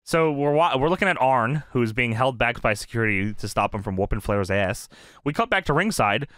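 Young male podcast co-host, lively pitch, dry close sound, laughs and swears a lot. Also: brisk, clean tone, no room sound. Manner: laughs often, swears, acts out quotes. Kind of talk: casual wrestling review chat.

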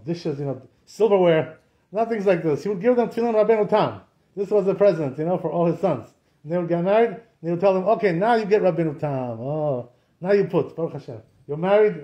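In an informal Torah class on Jewish law, a rabbi talks quickly and conversationally, posing many rhetorical questions and using Hebrew and Aramaic terms. His voice is high for a man, soft and warm, and the recording is muffled.

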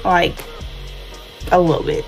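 A woman's voice: a little slow, soft background music. A young woman with a light Southern accent, talking in a chatty, slangy, rambling way as she vlogs. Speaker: vlogger. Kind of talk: casual vlog chat.

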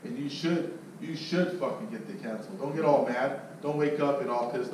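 Blunt swearing sales manager, echoey. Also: male voice, mid-range voice, moderate pace. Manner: loud, blunt, swearing, mocks others in put-on voices. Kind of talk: profane motivational pep talk. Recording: echoey, distant mic with faint noise.

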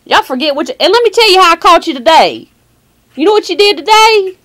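A woman's voice: very high-pitched, lively intonation, fairly quick, fairly bright tone. A woman on a recorded phone call, confronting and mocking a caller in a sassy, challenging way. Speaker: caller baiting phone scammers.

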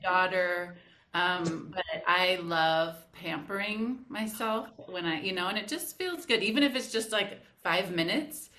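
Woman with a low voice teaching dance. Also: measured pace, sharp tone. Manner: counts rhythms aloud in syllables. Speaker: flamenco dance instructor. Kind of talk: teaching a dance move in a casual interview. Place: home, cat on her lap.

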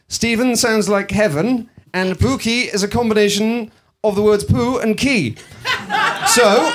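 A man's voice: high-pitched, fairly bright tone. A man putting on a pompous, mock-solemn sorcerer voice, drawing out his words grandly in a comedy bit.

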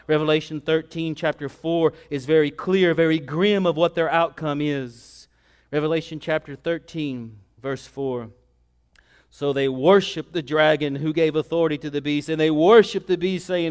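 A man delivering a sermon from the pulpit, his voice smooth and resonant and sitting a little high for a man. He builds to loud, impassioned runs of preaching, then drops into quiet, low-spoken asides. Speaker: pastor.

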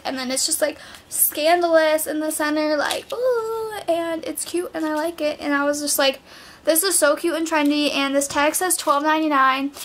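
Teen girl doing a haul vid at home, high voice, gushy, says like a lot, camera mic. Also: a bit bright, slight background noise. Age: late teens. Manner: bubbly, chatty, filler-heavy talk with many "like"s. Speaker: vlogger. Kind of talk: clothing haul vlog. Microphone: built-in camera mic.

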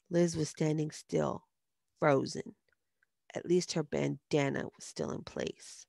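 A woman narrates a first-person story in a steady, even reading. Her voice sits low with a gravelly grain. The sound is close and dry. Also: slow pace, no echo.

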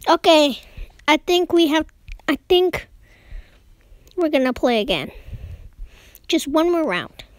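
A young woman giving casual commentary while playing a map-guessing game, excitedly talking to herself as she guesses. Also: high-pitched, no echo, studio quality. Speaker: game player.

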